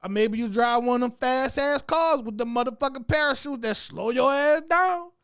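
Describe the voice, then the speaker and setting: A man, a comedy show host, delivering a profane, animated comic rant about what he has seen around town. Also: very high voice, moderate pace, clean tone.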